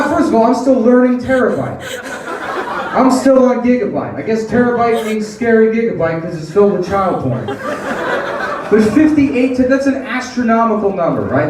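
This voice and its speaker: Male stand-up comic, sardonic delivery, live club sound with a roaring crowd. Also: high-pitched. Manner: sardonic, acts out quick mock voices. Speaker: stand-up comedian. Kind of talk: stand-up comedy set. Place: comedy club stage with audience laughing. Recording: echoey live room, heard from a distance, crowd laughter. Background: audience laughter.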